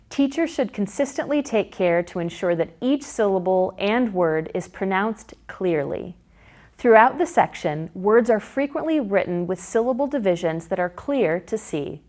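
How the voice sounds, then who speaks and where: A woman reading a scripted teaching guide and pronouncing each syllable slowly and clearly. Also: medium pitch. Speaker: curriculum narrator. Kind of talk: scripted instructional narration.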